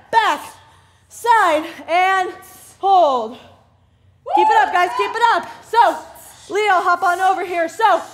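A woman fitness instructor leading a workout class, energetic and encouraging, calling out counts and moves. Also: very high voice.

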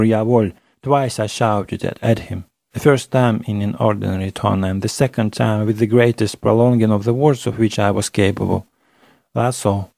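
A man narrating a classic novel in the first person, measured and literary, on a close studio mic. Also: lowish voice, vocal fry, mellow, dry recording. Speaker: audiobook narrator.

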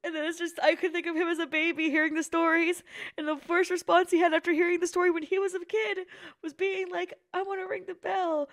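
A woman's voice: extremely high pitch, level tone, fast, fairly bright tone. A young woman hosting an anime reaction video, talking in a casual, emotional and profane way. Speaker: anime reaction channel host.

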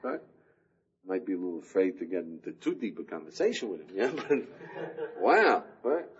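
A man's voice: sits low, big pitch swings, normal speed, slightly rough, highs cut off. An older man giving a recorded lecture as a rabbi, full of rhetorical questions and chuckles. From United States. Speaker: rabbi teaching a class.

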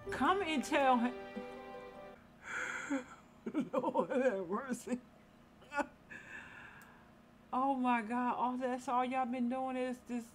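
A woman casually commentating a life-simulation game, scolding the characters in exasperation. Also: on the high side. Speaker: gameplay commentator. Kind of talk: casual let's-play commentary.

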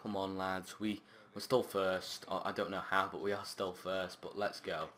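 Excitable man commentating a game. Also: deep voice, normal speed, noisy background. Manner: excitable, shouts and swears at the game. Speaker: gaming channel host.

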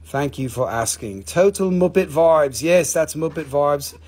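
A man with a somewhat higher, husky voice hosts a live sale, talking casually and teasing his viewers. He jokes and banters loosely as he moves from item to item. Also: measured pace, a little mellow. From Appalachian region of the United States. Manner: joking, playful, teasing. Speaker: host selling minerals on a livestream. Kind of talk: casual live sales chat.

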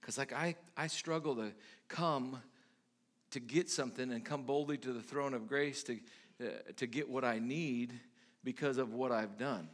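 A man's voice: medium pitch, normal speed. A male pastor preaching a sermon in a conversational way, with lots of restarts and sudden emphatic bursts.

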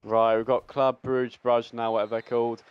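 Brief: young man, gaming commentary, smooth voice a touch high, slightly dull lo-fi mic, veers from groans to cracking cheers. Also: fairly quick, no echo. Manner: shouts and groans at the match, voice cracks when excited. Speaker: gaming YouTuber. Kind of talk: excitable live gameplay commentary.

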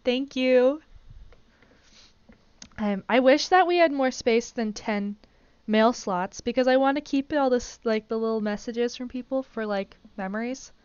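A woman hosting a casual live stream while gaming, gushing and excitable as she rambles along. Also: a little high, measured pace, clear, resonant tone, dry recording, muffled recording. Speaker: streamer host.

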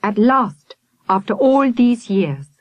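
A woman's voice: medium pitch, animated, slow pace, dry recording, pitched above the performer's own voice. A woman voicing a polite, formal older male professor in a storybook.

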